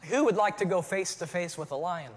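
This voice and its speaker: A man preaching a sermon as pastor, moving from relaxed storytelling to shouted calls to his church. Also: sits high, a little fast, big-room sound.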